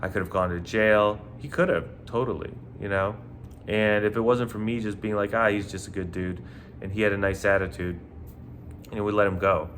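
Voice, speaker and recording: A man who used to be a nightclub bouncer tells stories casually, with punchy, animated delivery, lots of "you know" and free swearing. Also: lowish voice, moderate pace, a little hiss or hum. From New York. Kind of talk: casual storytelling monologue.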